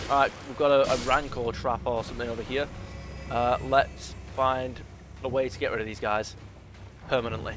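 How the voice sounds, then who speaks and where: A young man with a medium-pitched voice, heard over background noise, plays through a video game as a gaming YouTuber. In this let's play commentary he chats to the enemies and mutters asides.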